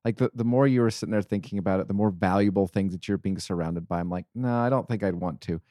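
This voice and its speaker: Low-voiced man telling rambling stories. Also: fast talker, warm tone, no room sound, studio quality. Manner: rambling storyteller, restarts often. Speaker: podcast co-host. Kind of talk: casual chat.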